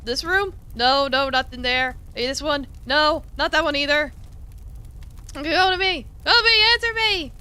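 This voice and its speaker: A woman voicing a panicked young hero trapped in a burning building, shouting and sobbing in desperation. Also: high-pitched, normal speed, few pauses. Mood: frantic. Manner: frantic, shouting and sobbing in despair.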